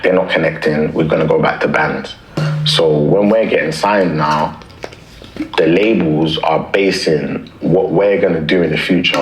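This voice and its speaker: A man's voice: sits low, reverberant, poor audio. A man, a rapper telling a story in casual, slangy talk. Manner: animated, slangy anecdote-telling. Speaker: rapper guest.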